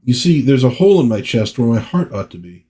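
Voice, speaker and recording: A man's voice: medium pitch, sing-song, fairly quick, mellow, lightly acted. A man voicing a panicky robot-fused young man. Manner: frightened, stammering.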